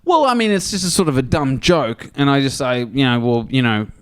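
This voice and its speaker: A man's voice: mid-range voice, expressive, a little fast, smooth. A man, drunk, rambling through crude jokes and stories on a comedy podcast. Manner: rambling, laughing, acts out voices in stories. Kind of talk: casual crude banter and joke telling.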